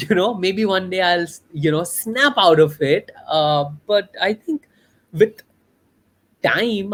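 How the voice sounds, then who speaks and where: A young adult man from India, a filmmaker, telling a personal story in an interview in an earnest, heartfelt, reflective way. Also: high voice.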